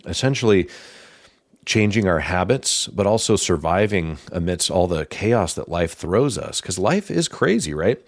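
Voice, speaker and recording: A man hosting his own podcast, talking in a calm, thoughtful, casual way with pauses. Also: sits low, no echo, studio quality. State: slightly out of breath. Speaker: podcast host. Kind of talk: casual reflective monologue.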